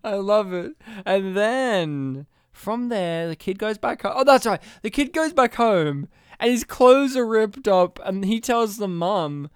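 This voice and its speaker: Animated podcaster retelling a film. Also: mid-range voice, measured pace, clear, resonant tone, no echo, studio quality. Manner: animated, laughing, acts out scenes. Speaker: podcast co-host. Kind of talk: casual film-review chat.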